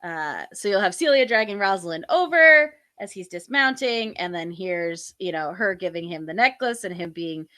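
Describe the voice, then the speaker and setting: A woman co-hosting a casual chat about her sketches, animated and acting out quotes in playful voices. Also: fairly low pitch, moderate pace, few pauses. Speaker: podcast co-host and sketch artist.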